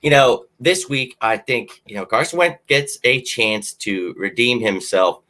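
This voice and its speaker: A man hosting a casual sports talk show, animated and jokey. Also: mid-range voice, a little slow. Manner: animated, jokey fan banter. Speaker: podcast host.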